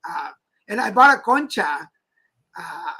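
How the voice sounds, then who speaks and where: A chatty man co-hosting a live-streamed talk show, spinning playful stories. His voice is bright and forceful, with a slightly husky edge. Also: high-pitched, sing-song, slow, low-quality recording. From Mexico. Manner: chatty, laughing, playful storyteller. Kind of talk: casual chat. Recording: live stream with faint background noise.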